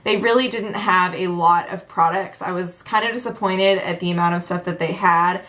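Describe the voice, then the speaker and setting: A woman's voice: steady tone, normal speed, a bit bright. Bubbly chatty young woman vlogger. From Tennessee. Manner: bubbly, chatty, acts out quotes with big pitch jumps. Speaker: beauty vlogger. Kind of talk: casual chat to camera.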